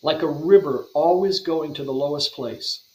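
A man speaks as a podcast guest, giving an earnest devotional teaching in a somewhat high voice. His delivery flows along, with frequent small restarts and repeated words. The recording has a noticeable roomy echo. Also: moderate pace, darkish tone. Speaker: guest Bible translator.

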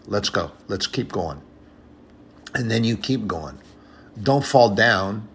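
A man's voice: lowish voice, expressive, takes it slowly, slight background noise. A man preaching an informal sermon in an earnest, conversational way, often repeating phrases and addressing brothers and sisters.

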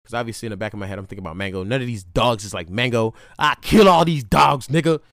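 A man's voice: mid-range voice, quick pace, a bit bright, no room sound, studio quality. A man telling a rambling story in a laid-back casual monologue, full of slang and restarts. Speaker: vlogger.

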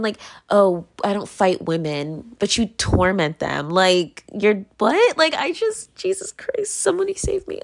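A woman's voice: fairly low pitch, gravelly. A young woman talking straight to her audience, venting in a rambling, emotional way with many filler words, scared and close to tears. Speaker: vlogger. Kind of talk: casual venting monologue.

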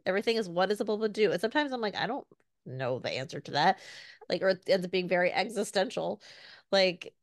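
A chatty woman in her thirties co-hosts a casual podcast. She talks in quick asides full of fillers and puts on her toddler's voice when she tells a story. The sound is close and dry, with no room around it. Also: medium pitch, animated, no room sound. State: recovering from illness. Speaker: podcast co-host. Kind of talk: casual chat.

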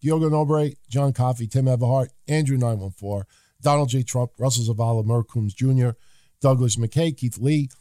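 A man co-hosting a podcast, reading listener names and giving calm, measured opinions in casual chat. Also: mid-range voice, dry recording, studio quality. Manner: calm, measured, occasionally swearing. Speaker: co-host.

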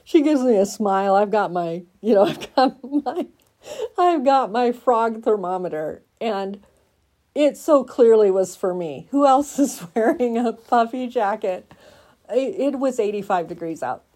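A woman's voice: on the high side, animated, unhurried, mellow. A tired, stressed woman from Oregon telling a rambling, self-mocking story to her viewers, breaking into laughter often.

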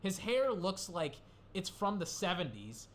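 A man's voice: high-pitched, big pitch swings, a little slow, slight background noise. A young man rambling through casual solo commentary, swearing and getting worked up as he goes. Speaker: gaming commentator.

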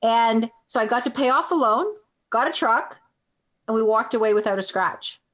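A woman's voice: on the high side, moderate pace. A middle-aged woman from Canada casually telling a long personal story, rambling and correcting herself as she goes. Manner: rambling, self-correcting, animated.

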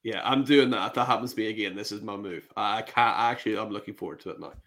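A man's voice: on the low side, quick pace, fairly bright tone. A man co-hosting a casual fantasy football chat show, laughing and reacting to clips.

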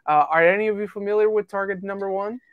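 A man from the UK hosting a casual podcast, reading out listener rankings with quick jokey asides. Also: high voice, fairly even intonation, clear, resonant tone, dry recording, phone-quality sound. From United Kingdom. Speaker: podcast host.

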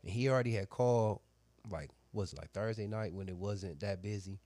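Crude animated storytelling man. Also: on the low side, fairly quick, no room sound. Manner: animated, crude, slangy retelling with voiced quotes. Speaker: barber. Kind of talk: casual storytelling chat.

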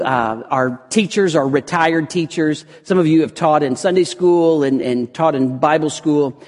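A man preaching a sermon. He swings from loud, emphatic lines to hushed, near-whispered ones. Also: on the high side, lively intonation, normal speed, few pauses. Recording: long reverb of a large hall.

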